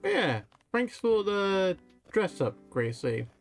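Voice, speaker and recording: Male let's-player, casual thinking-aloud commentary, desk mic, lively pitch. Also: slow pace, faint music behind. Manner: chatty, thinking aloud while playing. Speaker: let's play gamer. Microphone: desk microphone.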